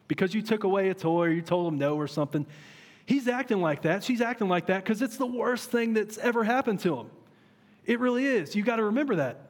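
High-pitched guy in his 30s preaching, earnest, lots of questions at the crowd, big echoey hall. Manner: earnest, animated, talks to the listener with rhetorical questions. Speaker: pastor. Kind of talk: sermon. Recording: long reverb of a large hall.

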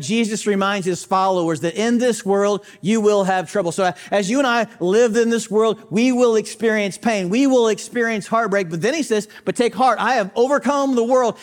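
A man with a high voice preaches a sermon, stacking short repeated lines for emphasis. He talks straight to the listener and throws out rhetorical questions like a pastor addressing doubters. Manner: emphatic, repetitive preaching cadence.

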